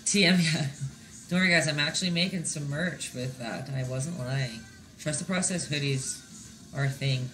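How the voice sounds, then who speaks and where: A woman's voice: low voice, normal speed, fairly bright tone, faint music behind. A woman leading a casual live-stream painting lesson, chatty and encouraging, often checking in with her viewers as she goes. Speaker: painting instructor.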